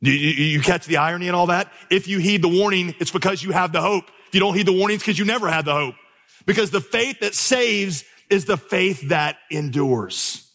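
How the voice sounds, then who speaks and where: A pastor preaches from the stage, his voice a touch higher than most men's. He drives points home by repeating words and spins lively, humorous stories. The sound trails off in the long reverb of a large hall. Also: a little fast. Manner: storytelling with vivid, humorous asides; emphatic repetition. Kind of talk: preached sermon. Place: church stage before a congregation.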